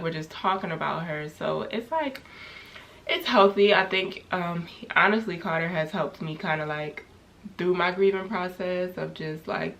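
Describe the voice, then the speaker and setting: A woman's voice: on the low side, vocal fry, fairly bright tone, slight background noise. A young woman talking candidly to her camera in a casual personal vlog, rambling with many fillers as she reflects on grief. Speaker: vlogger.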